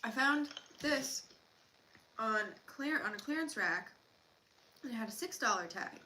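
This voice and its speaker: A chatty woman co-hosts a relaxed livestream, talking in loose, rambling bursts full of fillers and restarts. Her voice sits a little high and has a bright, crisp edge. A faint ambient hum sits behind her. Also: unhurried, low-quality recording. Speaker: livestream co-host. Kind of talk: casual livestream chat while eating.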